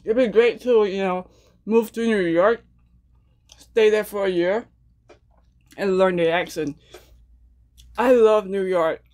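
A woman's voice: mid-range voice, takes it slowly, long pauses, a little mellow. A young woman chatting casually to her viewers between mouthfuls as she hosts an eating video. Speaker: mukbang eating channel host.

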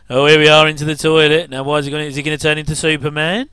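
Chatty man, smooth dry voice. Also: fairly high pitch, flat delivery, quick pace, sharp tone, no room sound. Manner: rambling, chuckling asides. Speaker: commentator. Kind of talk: casual film commentary.

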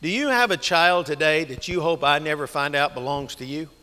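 A guest speaker preaches a sermon in a church sanctuary, earnestly telling stories and posing rhetorical questions to the congregation. His voice is a little high, brisk and sharp, and the recording carries a long church reverb.

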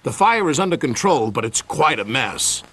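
A man's voice: medium pitch, very animated, moderate pace, fairly bright tone, breathy edge. A man doing an urgent railway guard. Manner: calling out, urgent.

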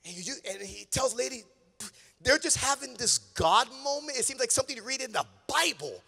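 Animated high-voiced pastor preaching. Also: male voice, brisk, creaky. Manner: animated storytelling, swings from hushed to shouting. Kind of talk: sermon. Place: church sanctuary. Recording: long reverb of a large hall.

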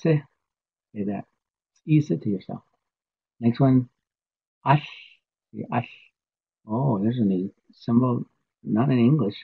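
A man whose first language is Navajo, teaching a casual, patient spoken lesson and repeating words slowly for learners. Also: lowish voice, vocal fry, husky. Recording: tinny phone-like audio.

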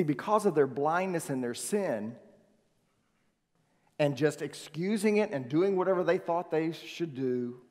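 A male pastor preaching a sermon, swinging from loud emphasis to soft, hushed phrases. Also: medium pitch. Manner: swings from loud emphasis to near-whispered softness. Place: church sanctuary. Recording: long reverb of a church hall.

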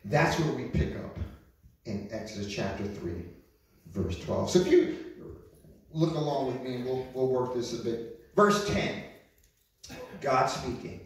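A man's voice: mid-range voice, animated, a little slow, pauses often. A man preaching as a pastor, talking to his listeners and asking them questions, recorded alone with a camera. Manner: conversational, repeats himself, asks the listeners questions. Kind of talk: sermon. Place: large echoey room, alone with a camera. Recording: very echoey room, mic at a distance.

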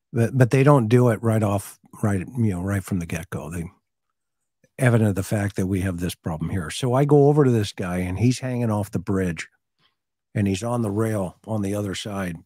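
A man's voice: lowish voice, mellow, no echo, studio quality. A middle-aged man, a co-host and former hostage negotiator, chatting casually about a true-crime case and telling a story in which he acts out both sides of a conversation.

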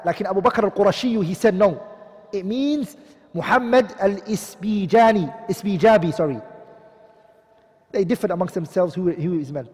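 A man with a high-pitched, husky, slightly mellow voice teaches a classroom lecture, asking questions and answering them himself. Each key term gets repeated, and a long hall reverb hangs over the recording.

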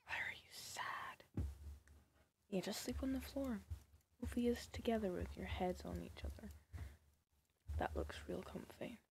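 A woman's voice: mid-range voice, moderate pace, gravelly, long pauses, warm tone, slight background noise. A woman giving casual, sarcastic commentary over a life-sim game, scolding the characters and often dropping to a whisper. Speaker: gaming video creator.

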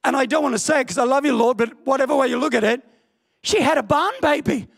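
A man preaching an impassioned sermon in church, often bursting into shouts. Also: extremely high pitch, fast talker, vocal fry. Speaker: pastor. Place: church hall.

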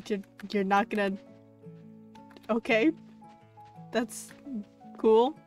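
A woman streamer chatting casually while she plays a game, easily excited, cooing at characters and now and then swearing. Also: fairly high pitch, takes it slowly, long pauses. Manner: excitable, gasps and coos, swears lightly. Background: faint game music.

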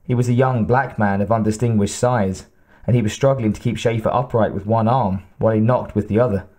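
A male narrator reading a novel aloud in a measured, steady way. His voice sits somewhat low and has a mellow, dark tone. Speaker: audiobook narrator. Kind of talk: scripted narration.

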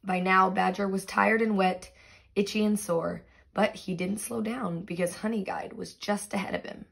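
Woman teacher, expressive storybook reading, gravelly, husky. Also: mid-range voice, normal speed. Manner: expressive read-aloud with sound words. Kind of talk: reading a storybook aloud, then quiz questions.

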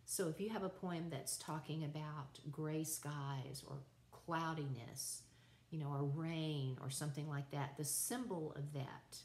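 A woman teacher giving a recorded online lecture, explaining terms in a relaxed, conversational way with fillers and restarts. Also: low-pitched, a little slow, echoey room. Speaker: college writing teacher.

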